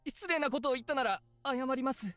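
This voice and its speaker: A woman's voice: high voice, rapid-fire, fairly bright tone, no room sound, soft background music. An actress voicing an eager, flustered young male professor who stammers and apologizes nervously in a game. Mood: timid eager.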